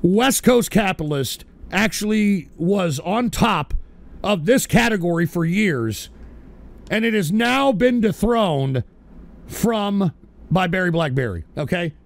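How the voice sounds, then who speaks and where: A man hosts an online awards segment, swearing and ranting. His voice is high and gravelly, and it swings widely in pitch. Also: slow. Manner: profane, shouty, animated. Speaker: online show host.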